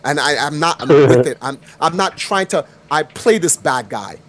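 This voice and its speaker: A man's voice: fairly high pitch, normal speed. A man co-hosting a heated casual panel chat. He rambles, repeats himself and slips into mock-medieval phrasing. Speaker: podcast co-host.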